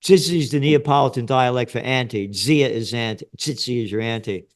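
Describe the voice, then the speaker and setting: In a conversational interview, a male guest in his seventies with a New York accent speaks bluntly and forcefully, cursing freely. His voice sits at a medium pitch and moves at a fairly quick clip.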